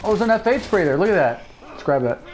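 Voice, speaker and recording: A man's voice: high-pitched, very animated, fast talker, slight background noise, rough recording. A man giving casual let's play commentary, cracking sarcastic jokes as he plays. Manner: joking, sarcastic running commentary. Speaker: gameplay commentator.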